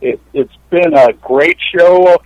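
A man calling in to a show to read a poem, speaking in a deliberate, courteous way. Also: fairly high pitch, no echo. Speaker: caller reading a poem. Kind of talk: poetry reading and chat. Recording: dry phone line.

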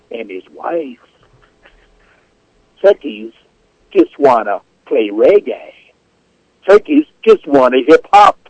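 A man's voice: mid-range voice, a little mellow, slightly rough, dry recording, exaggerated voice. A man reading a poem aloud with a put-on Jamaican accent, in a rhythmic, chanting delivery. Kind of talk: poetry reading. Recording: lo-fi radio sound.

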